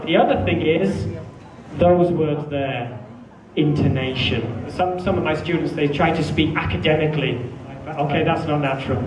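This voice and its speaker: A man teaching a classroom lesson, lively, acting out sample answers with exaggerated feeling. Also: on the high side, far from the mic. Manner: animated, acts out student answers with exaggerated feeling. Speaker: English teacher. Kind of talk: classroom lecture. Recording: echoey room, mic from afar, faint noise.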